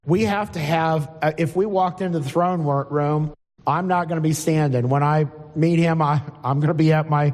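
A man's voice: fairly high pitch, moderate pace, a little mellow. A middle-aged man preaching an informal sermon to a congregation, reading scripture and asking the room plain questions. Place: church hall before a congregation. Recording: long hall reverb.

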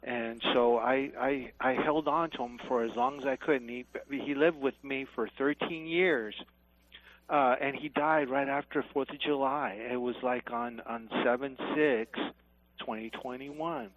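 A man calling in to a radio talk show, speaking haltingly with many fillers. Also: mid-range voice, steady tone, no room sound, dull audio. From Texas. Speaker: caller. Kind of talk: call-in radio caller.

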